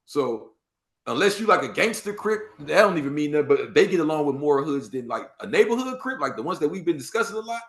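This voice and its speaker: A man with a Los Angeles accent and a slightly high voice, talking as a guest in a casual interview. He acts out the people he quotes and leans hard on slang. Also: a little fast. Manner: animated, acts out quoted street talk, heavy slang. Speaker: podcast guest.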